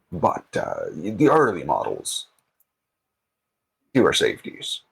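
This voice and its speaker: A man's voice: mid-range voice, vocal fry, a bit bright, breathy edge, voice pushed up, heavily acted, low-quality recording. A man doing a terse veteran airship captain. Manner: clipped, terse sentences. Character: seasoned male airship captain, ex-military, terse.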